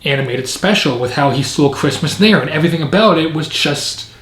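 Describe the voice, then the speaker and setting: A man's voice: on the high side, lively intonation, brisk, a bit bright. A man reviewing a film in casual commentary, rambling and opinionated with frequent fillers. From Canada. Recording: echoey room.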